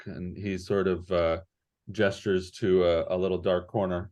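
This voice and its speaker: A man's voice: deep voice, flat delivery, a little slow, darkish tone. A man narrating as game master in a tabletop game, meandering and full of fillers.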